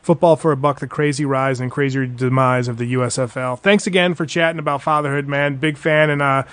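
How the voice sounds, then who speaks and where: A man hosting a casual podcast interview, upbeat and quick to agree. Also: mid-range voice, steady tone, a bit bright, smooth, no echo. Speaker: podcast host.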